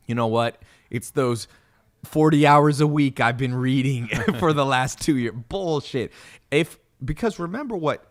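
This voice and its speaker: A man hosting a podcast, telling stories in a blunt, animated way, swearing and laughing often. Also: medium pitch. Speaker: podcast host. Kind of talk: casual motivational chat.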